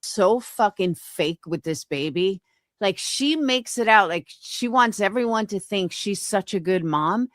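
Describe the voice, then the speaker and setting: A woman's voice: medium pitch, lively intonation, measured pace, no echo, clean studio sound. A woman on a livestream panel talking bluntly, swearing and mocking others. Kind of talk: casual livestream chat.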